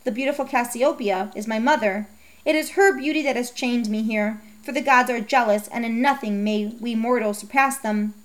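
A grieving young princess in a storybook, chained and lamenting, as a woman reader voices her. The voice sits fairly high and keeps to formal, old-fashioned phrasing. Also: normal speed, lightly acted, low-quality recording.

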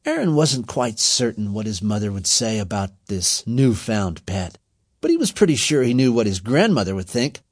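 Expressive husky male storyteller. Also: lowish voice, no room sound, studio quality. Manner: expressive, measured. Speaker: narrator. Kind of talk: storybook reading.

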